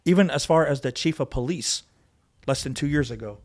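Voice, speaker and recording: A man, a former police officer, telling his story as a guest on a podcast, emphatic and acting out what others said. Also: on the high side. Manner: fast, emphatic retelling, acting out quoted voices. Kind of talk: conversational storytelling. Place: podcast studio.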